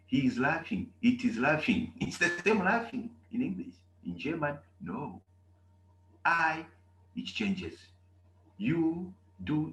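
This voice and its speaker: A man teaching a class at an unhurried pace, drawing out his examples word by word. His pitch swings widely as he stresses each point. The room is echoey, with a faint hiss behind him. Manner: slow, animated teaching with drawn-out examples. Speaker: German language teacher. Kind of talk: classroom lesson.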